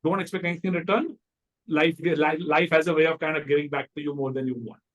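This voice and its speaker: A man with an Indian English accent, a company founder telling stories in a casual interview, lively and acting out the people he quotes. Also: fast. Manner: animated, acts out quoted people in a higher voice.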